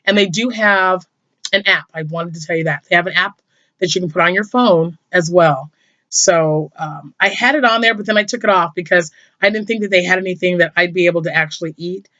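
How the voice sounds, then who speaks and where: Older lady vlogging about crochet, chatty and emotional, bright voice, dry dull audio. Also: fairly low pitch, brisk, no room sound. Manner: emotional, chatty, drops to a whisper when moved. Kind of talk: casual chat to camera.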